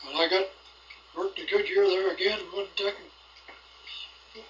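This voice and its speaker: A man's voice: high voice, steady tone, unhurried, fairly bright tone, slight background noise. An older man telling rambling stories from his own life in plain rural speech, recorded at home. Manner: rambling folksy storytelling with rural grammar. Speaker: storyteller. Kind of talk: recorded oral history. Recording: lo-fi 1980s home cassette.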